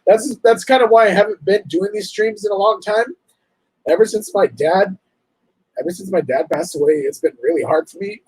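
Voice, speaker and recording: A man hosting a casual livestream, talking in an emotional, halting, apologetic way. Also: sits high, a little mellow, slightly rough, no room sound, low-quality recording. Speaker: livestream host.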